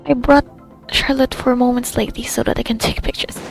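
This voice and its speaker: A young woman with a higher-pitched, steady, gravelly voice talks a little fast as she plays through a story quest in a video game. She chats casually to herself, giggly and talkative, with faint music behind her.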